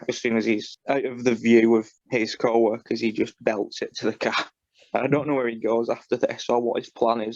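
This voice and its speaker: Male podcast co-host, gravelly voice, rambling casual talk, dull dry recording. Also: medium pitch, darkish tone, no echo. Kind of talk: casual chat.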